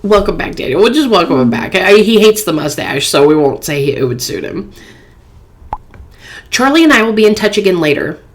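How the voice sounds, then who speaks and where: A woman's voice: medium pitch, big pitch swings, brisk. A woman hosting a phone game playthrough, reading chat messages aloud in a playful, chatty way. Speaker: gaming channel host.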